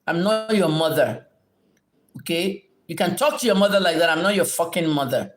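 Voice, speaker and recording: A woman's voice: on the low side, lively intonation, normal speed. A middle-aged woman rants on her livestream, lecturing and cursing at commenters. Her delivery is blunt, scolding and combative as she answers viewers. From Nigeria. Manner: combative, scolding, heavily profane. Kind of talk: livestream rant and Q&A.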